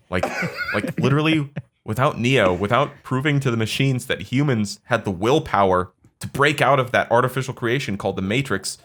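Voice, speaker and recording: A man's voice: mid-range voice, a bit bright. A man co-hosting a casual podcast, ranting animatedly and mimicking characters in mocking voices. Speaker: podcast co-host.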